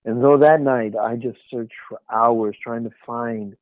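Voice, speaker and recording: A man's voice: medium pitch, steady tone, unhurried, dry recording. A man, an author and guest, earnestly telling an emotional life story in an interview. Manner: earnest, emotional, soft dips in quiet moments. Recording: tinny phone-like line.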